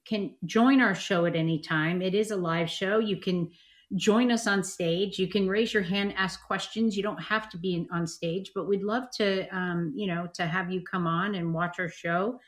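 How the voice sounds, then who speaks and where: Excited lady hosting a live online show, gushes about her guests. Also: lowish voice, moderate pace. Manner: enthusiastic, gushing. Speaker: host.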